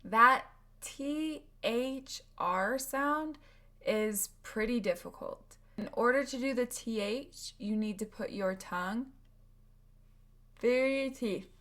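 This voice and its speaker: Woman, American accent, very slow pace, careful repeated drills, pronunciation teacher. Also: a little high, bright, forceful tone.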